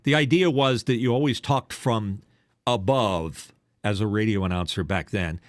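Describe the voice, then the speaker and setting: A man's voice: lowish voice, normal speed, no echo. An older man, a former radio DJ, co-hosting a casual podcast chat, teasing and telling stories with a trained broadcast delivery.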